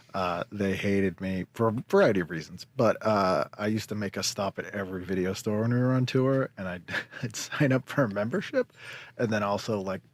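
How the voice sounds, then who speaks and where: A man who is a comedian and podcast guest, trading dry deadpan quips in casual chat. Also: lowish voice.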